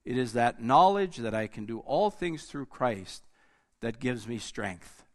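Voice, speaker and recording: A man preaching a sermon, slow and deliberate, rising in force and then dropping almost to a hush. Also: mid-range voice, lively intonation. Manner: slow, deliberate preaching that rises and drops to near-quiet.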